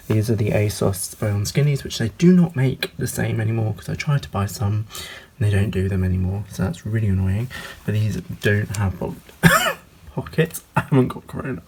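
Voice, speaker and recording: A man's voice: medium pitch, gravelly, a little mellow, slight background noise. A man from England chatting through a rambling home vlog, filmed up close on a phone in a small home. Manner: chatty, rambling, with fillers and apologies. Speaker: vlogger. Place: small home, kitchen and bedroom. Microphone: handheld phone camera, filming up close.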